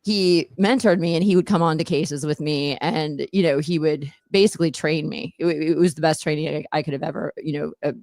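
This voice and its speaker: A woman's voice: deep voice, steady tone, a little fast, hardly any pauses, darkish tone, dry recording. A middle-aged woman, a former attorney hosting a podcast, tells stories in casual chat, meandering and often laughing mid-sentence.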